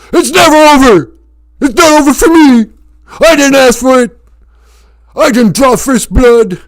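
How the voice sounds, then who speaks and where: A man impersonating a confused, punch-drunk male action star with a low, slurred drawl. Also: lively intonation, moderate pace, warm tone. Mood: raging shout.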